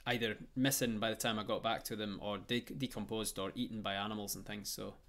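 A man voicing a polite, hesitant male dwarf adventurer who talks in halting, stammering bursts. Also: lowish voice, steady tone, a bit bright. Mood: modest.

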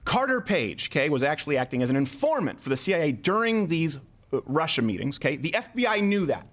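A man hosting a political comedy talk show, animated and mocking, with rapid asides. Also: fairly high pitch. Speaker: host.

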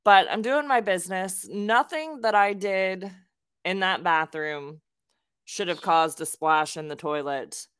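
A woman's voice: on the low side, measured pace, a bit bright, clear, resonant tone. A young woman from South Florida, co-hosting a podcast and telling a casual story with plenty of ums and laughs between sentences. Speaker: podcast co-host.

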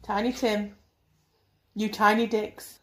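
A young woman with a mid-range voice co-hosting a casual film-review podcast. She ribs her co-host with dry, teasing remarks in relaxed, chatty speech. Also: medium pitch, takes it slowly. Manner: teasing, dry ribbing, laughs often.

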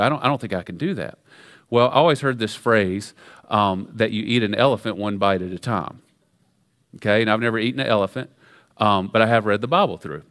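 A middle-aged man preaching a sermon in a church, talking in an energetic, conversational way with frequent restarts. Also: on the low side. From American South. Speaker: pastor. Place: church sanctuary.

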